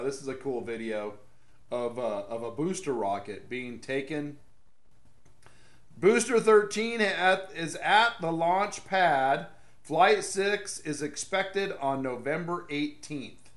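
A man hosting casual political commentary in a sarcastic tone, laughing at his own jokes. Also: mid-range voice. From American South. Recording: echoey room.

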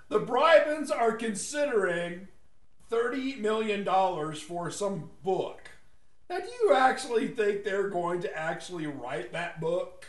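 Man, high-pitched, rambling mocking monologue, echoey room. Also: expressive, a little slow. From West Texas. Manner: rambling, mocking, laughs at own jokes. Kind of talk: casual opinionated monologue.

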